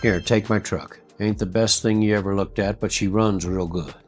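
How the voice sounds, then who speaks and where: A man voicing a gruff but kindly old widowed gas-station owner in a folksy, plain-spoken drawl. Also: lowish voice, steady tone, moderate pace, soft background music, natural voice.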